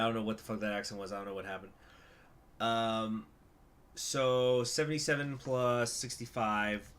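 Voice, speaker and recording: A man's voice: medium pitch, a bit bright. A man streaming a strategy game, reading event text aloud and chatting with viewers in a loose, joking way with the odd swear. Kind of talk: casual live-stream commentary.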